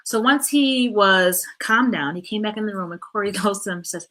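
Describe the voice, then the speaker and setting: A mother giving parenting advice in a casual, animated, chatty way, often checking in with her listeners. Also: medium pitch, moderate pace, hardly any pauses. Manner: animated, chatty, keeps asking "right?".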